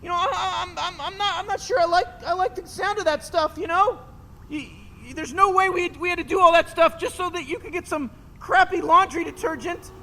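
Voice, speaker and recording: Stammering anxious teen boy, very high squeaky voice, bright tone, game audio with faint hiss. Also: a little fast, full character voice. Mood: uneasy. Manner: stammering, repeats words, exasperated. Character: anxious stuttering teenage boy sidekick. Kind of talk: video game voice acting. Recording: game audio with long reverb and faint noise.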